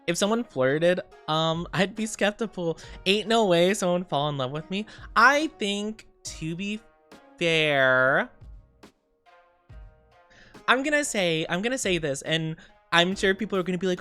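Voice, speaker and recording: A woman's voice: on the low side, animated, moderate pace, fairly bright tone, faint music behind. A young woman streaming casually, chatting with viewers in a bubbly, giggly way with cutesy slang. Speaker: VTuber streamer. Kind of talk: casual live-stream chat, greeting viewers.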